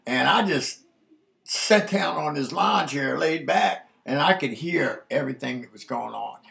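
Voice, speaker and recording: A man's voice: a little high, lively intonation, a little slow, gravelly, fairly bright tone. A man in his sixties recounting a youthful memory in a laid-back, casual way, often saying "man". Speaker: storyteller recalling his youth. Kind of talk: casual spoken memoir.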